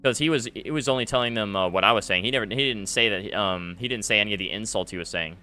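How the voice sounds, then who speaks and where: A man's voice: fairly low pitch, fast, sharp tone, faint music behind. A man talking to his viewers about an argument, aggrieved and ranting, with lots of fillers. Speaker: gaming YouTuber. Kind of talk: commentary to camera. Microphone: face cam setup.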